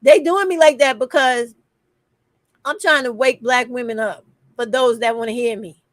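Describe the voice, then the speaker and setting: A woman's voice: a little high, moderate pace, dry recording, studio quality. A middle-aged woman, hosting an impassioned livestream, emphatic and profane. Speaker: livestream host.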